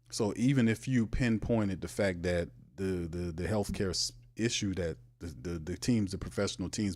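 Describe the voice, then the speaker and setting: This is a man, hosting a casual sports talk show. He talks in an animated, emphatic way, and his voice jumps up high when he makes a point. He keeps cutting in with "hold on now.".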